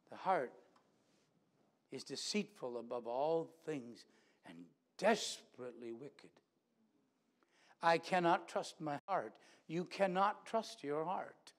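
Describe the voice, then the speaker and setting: A man preaching a sermon in a church, animated, acting out quoted voices with big swings in loudness. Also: on the high side.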